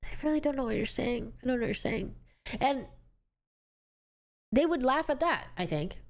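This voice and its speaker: Young woman streamer, high and animated, chatty, rambling, answering chat. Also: normal speed. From United States. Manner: chatty, rambling, reads viewer messages aloud. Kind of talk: casual chat with viewers.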